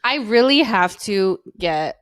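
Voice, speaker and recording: A young woman co-hosting a casual mom podcast, telling animated stories. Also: medium pitch, slow, no echo, clean studio sound. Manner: animated storyteller, laughs through her own tales. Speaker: podcast co-host. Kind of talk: casual chat.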